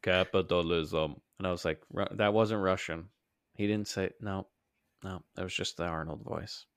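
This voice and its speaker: A man talking as a guest on a podcast, animated and joking, swearing freely in casual chat. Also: low-pitched, normal speed, vocal fry, no echo, studio quality.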